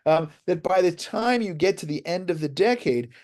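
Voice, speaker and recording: A man's voice: high voice, moderate pace. A man giving an academic lecture in a conversational, storytelling way, full of fillers and asides asking "right?". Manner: animated storytelling with many fillers and "right?" tags. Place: lecture hall.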